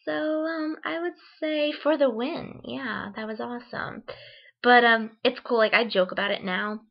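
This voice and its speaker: A young woman from Ohio tells a funny story in a chatty vlog. Her voice sits a bit high, and she fills it with "like" and "um" as she acts out her own reactions. The recording sounds dull and lo-fi. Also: moderate pace, vocal fry. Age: young adult. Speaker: vlogger. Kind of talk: casual storytelling.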